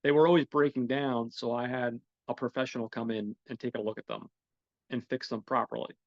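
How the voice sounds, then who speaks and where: A man's voice: medium pitch, fairly even intonation, fairly quick, dry recording, close to an everyday voice. A careless, easygoing business partner who brushes off the blame, as a man reads him in his own voice. His tone is offhand and a little defensive. The sound is dry and dull.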